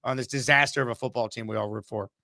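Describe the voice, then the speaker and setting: A man's voice: mid-range voice, steady tone, quick pace, creaky, bright, forceful tone, no echo, studio quality. A man hosting a sports talk show, ranting emphatically and with exasperation. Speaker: podcast host.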